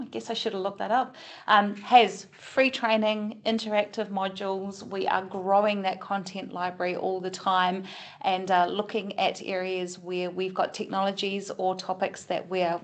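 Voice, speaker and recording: A middle-aged woman with a light New Zealand accent talks through a video-call meetup she co-hosts. She is chatty and informal, circling back on her words as she thinks aloud. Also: medium pitch. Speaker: co-host of a community video call. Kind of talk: casual online meeting chat.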